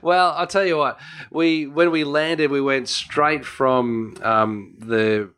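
A man's voice: fairly high pitch, steady tone, slow, a bit bright, clean tone. A man with an Australian accent, co-hosting a casual chat and telling a long travel story with lots of restarts and laughter. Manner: rambling storyteller, many restarts, laughs often.

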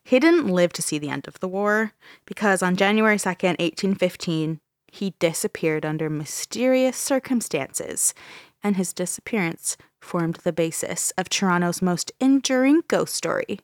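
A woman's voice: fairly low pitch, no echo, studio quality. Woman telling spooky history. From Ontario, Canada. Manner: laughing storyteller, swears freely. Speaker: podcast host. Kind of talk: casual podcast chat.

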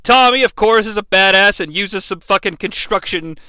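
A man's voice: high-pitched, moderate pace, bright, forceful tone, clear, resonant tone, no echo. A young man giving a comedic movie recap in a sarcastic, profane way. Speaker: movie reviewer.

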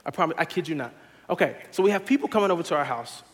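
A young man preaching an earnest sermon to his church, moving from quiet urging to loud, laughing stories about family life. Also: fairly high pitch, animated, very fast, in a large hall. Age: young adult. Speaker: pastor.

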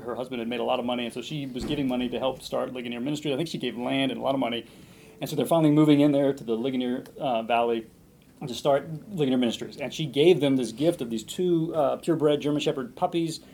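A man preaching a sermon, retelling a long story in an animated way, with frequent restarts and quoted dialogue. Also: mid-range voice, a little hiss or hum.

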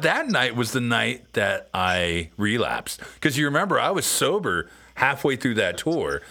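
A man's voice: mid-range voice, very animated, normal speed, gravelly, hardly any pauses, sharp tone. A man hosting a casual podcast chat, telling long rambling stories and acting out what people said. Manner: rambling storyteller, acts out quotes. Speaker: podcast host.

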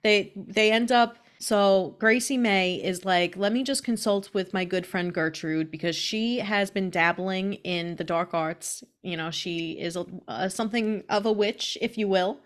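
A woman's voice: medium pitch, a little slow, few pauses. A woman co-hosting a podcast, casually improvising a silly spooky story with playful laughs. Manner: playful, laughs often, acts out characters in bits. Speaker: podcast co-host.

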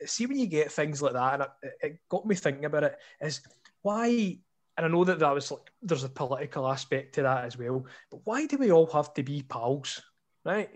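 A Scottish man on a podcast call, talking football in an animated, ranting way full of rhetorical asides. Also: on the high side, fairly quick. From Scotland. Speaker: podcast co-host. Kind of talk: casual chat.

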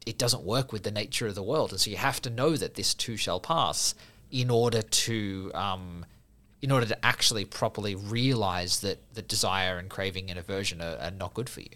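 A man with a fairly low-pitched, sharp-toned voice talks at normal speed. As a podcast guest coming from a Buddhist viewpoint, he explains a Buddhist idea and recounts a story in casual conversation, with many fillers and frequent restarts.

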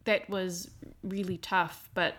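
A woman with a New Zealand accent hosts a relaxed conversation in a slightly low voice. She speaks earnestly and reflectively. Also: takes it slowly. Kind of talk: casual conversation.

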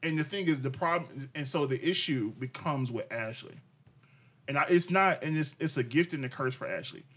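A man's voice: fairly high pitch, moderate pace, fairly bright tone. A man co-hosting a podcast, arguing his point in casual chat, insistent and direct, often repeating himself. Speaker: podcast co-host.

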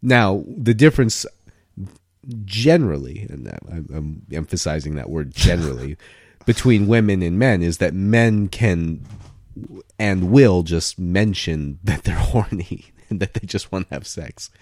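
A young man talks through his ideas in loose, rambling chat, often restarting to rephrase. His voice sits very low and is recorded dry and close. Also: unhurried, dry recording. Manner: rambling, self-correcting, animated. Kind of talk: casual chat.

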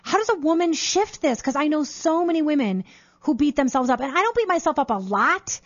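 A woman's voice: high-pitched, animated, a little fast, dry recording, muffled recording. A middle-aged woman hosting a talk show, chatty and prone to repeating words as she asks questions. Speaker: host. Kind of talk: casual interview talk.

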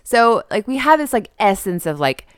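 A woman co-hosting a podcast, casually recapping a show and acting out characters' lines in quick quotes. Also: mid-range voice, very animated, clean tone, no room sound, clean studio sound. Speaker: podcast co-host.

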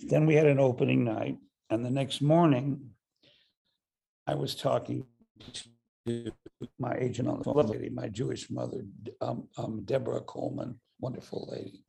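An older man, an actor and director, telling a long anecdote in an interview, halting often with fillers and restarts. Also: medium pitch, fairly even intonation, creaky, warm tone, slightly rough.

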